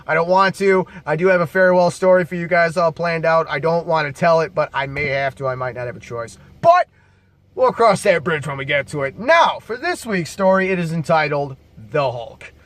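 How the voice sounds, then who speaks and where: A man's voice: fairly high pitch, expressive, normal speed, a bit bright. A man casually telling bar stories to camera as a bouncer, laid-back, profane and jokey.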